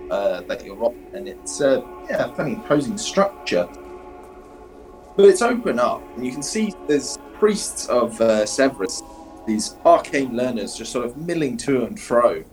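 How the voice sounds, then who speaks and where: A man's voice: medium pitch, very animated, moderate pace, a little mellow, faint music behind, low-quality recording. A man narrating as game master, rambling with lots of fillers and restarts.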